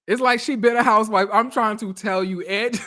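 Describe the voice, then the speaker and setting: A woman giving blunt, profane, animated commentary as she recaps a reality TV episode. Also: mid-range voice, a little fast.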